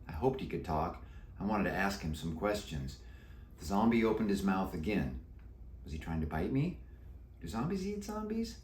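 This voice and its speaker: A man narrates a children's storybook in a very low voice that rises and falls with animated, playful delivery. The reading is in an echoey room, with a roomy sound. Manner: animated, playful read-aloud. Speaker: author reading his book aloud.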